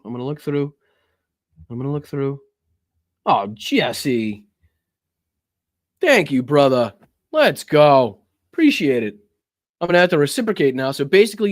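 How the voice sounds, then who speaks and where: A man's voice: a little high, dry recording. A man hosting a political livestream, reacting to clips with heated, profane, mocking commentary. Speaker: political talk show host.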